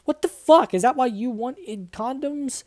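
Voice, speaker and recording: A woman voicing a brash, crude teenage gothic girl who snaps and shouts at everyone. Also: a little high, expressive, moderate pace, no room sound, natural voice. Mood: angry shouting.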